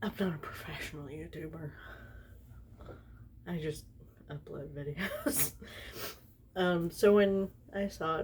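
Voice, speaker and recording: A woman's voice: on the low side, a little slow, pauses often, darkish tone, a little hiss or hum. A young woman, tipsy from wine, reading fanfiction aloud at home, rambling and giggling between lines. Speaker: fanfiction reader. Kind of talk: tipsy casual storytime reading.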